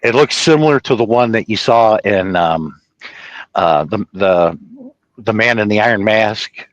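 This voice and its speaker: Rambling, lively male storyteller. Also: fairly low pitch, a little slow, dry recording, muffled recording. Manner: rambling, profane, animated, laughs at own story. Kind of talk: casual personal storytelling.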